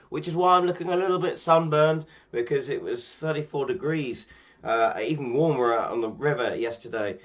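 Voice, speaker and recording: A man's voice: mid-range voice, fairly bright tone. A man chatting casually in a vlog about sim racing updates and his life, rambling with frequent ums and restarts.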